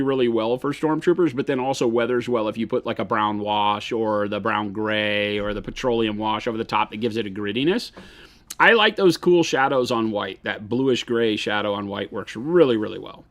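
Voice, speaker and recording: A man's voice: mid-range voice, moderate pace. A man co-hosting a live miniature-painting stream, rambling and joking in casual chat.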